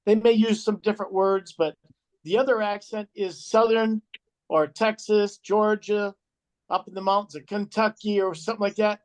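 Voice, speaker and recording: A man's voice: sits high, steady tone, moderate pace, clear, resonant tone. A man with a Midwestern US accent who explains things patiently and checks that he is understood, over a video call mic.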